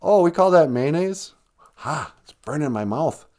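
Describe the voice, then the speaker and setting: A man's voice: on the high side, animated, measured pace, darkish tone, voice pushed up. A man putting on a fussy adult diner with a Minnesotan accent who finds mild food too spicy, talking in a sing-song way.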